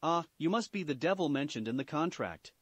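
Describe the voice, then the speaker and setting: A man's voice: fairly high pitch, animated, a little fast, no room sound. A man reading the lines of an overly cheerful, welcoming wealthy young man in a story.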